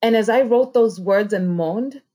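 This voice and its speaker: A woman's voice: fairly high pitch, unhurried, dark tone. Earnest woman sharing a heartfelt reflection. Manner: earnest, heartfelt, repetitive emphasis. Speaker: podcast guest speaker. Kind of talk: personal reflective monologue.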